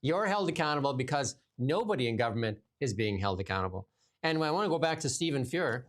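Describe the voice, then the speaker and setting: A man's voice: medium pitch, expressive, fast. A man hosting casual political commentary, reading news items aloud and mocking them sarcastically. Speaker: podcast host.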